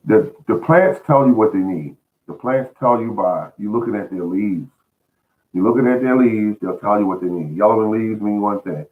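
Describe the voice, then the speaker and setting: A man with a fairly low voice talks through gardening advice in a folksy, earnest manner. He repeats words and restarts his sentences as he goes. The sound is thin and tinny, like a phone line. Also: moderate pace. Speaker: host of a home gardening show. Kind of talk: casual spoken gardening advice.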